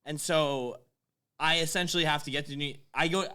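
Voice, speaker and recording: A man in his twenties telling a story in casual chat, animated, swearing and laughing as he goes. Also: fairly high pitch, a little fast, clear, resonant tone. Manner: animated, swears often, laughs mid-sentence.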